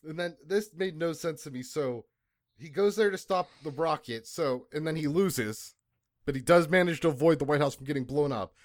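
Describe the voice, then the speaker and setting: A man's voice: fairly high pitch, moderate pace, no room sound, studio quality. A man casually retelling a movie's story for a review podcast, laughing often and acting out lines. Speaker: podcast co-host.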